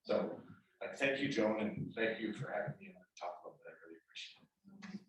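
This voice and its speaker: A man with a somewhat low voice gives a spoken tribute at a memorial, pausing and restarting his sentences often. He is picked up from far off, and the hall rings with heavy echo. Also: lively intonation, heavy background noise. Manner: halting, many restarts and fillers. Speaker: memorial speaker. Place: spiritual center hall. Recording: echoey hall, mic from far off.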